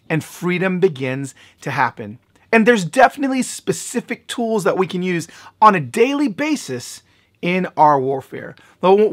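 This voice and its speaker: A middle-aged male pastor preaching with lively storytelling. His pitch swings widely, climbing high and loud at the exciting moments before dropping back to a quiet, earnest tone. The delivery shifts pace freely, rushing through action and slowing down for emphasis. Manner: animated, building to loud excited peaks in stories. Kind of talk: sermon with storytelling.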